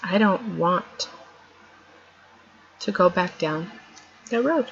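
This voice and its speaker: A woman's voice: fairly low pitch, slow, vocal fry, a little hiss or hum. A middle-aged woman vlogger giving an earnest, emphatic motivational talk, repeating her points for stress. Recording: dull lo-fi sound.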